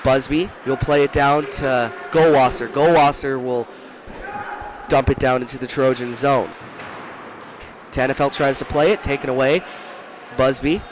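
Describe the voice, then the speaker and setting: There's a little hiss or hum as a young play-by-play man calls a hockey game live from an ice rink booth. His medium-pitched voice is fairly even in intonation, yet he talks fast, shouts during rushes, and keeps correcting himself.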